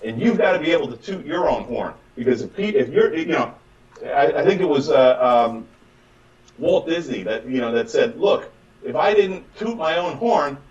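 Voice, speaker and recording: Animated man, muffled and distant. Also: fairly high pitch. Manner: emphatic, acts out patients and doctors in quick voices. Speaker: chiropractic business coach. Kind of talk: animated conversational advice.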